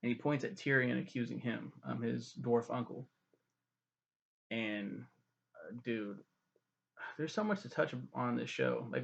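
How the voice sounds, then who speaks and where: A young man giving a casual, profane TV review, animatedly retelling scenes as he talks. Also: medium pitch. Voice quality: gravelly. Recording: dull lo-fi sound.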